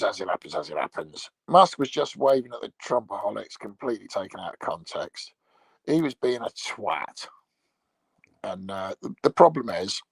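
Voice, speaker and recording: This livestream host, a middle-aged English man, chats from his bed at home, wandering from topic to topic with crude language and swearing. His voice is mid-range, creaky with a breathy edge, and there is no room sound.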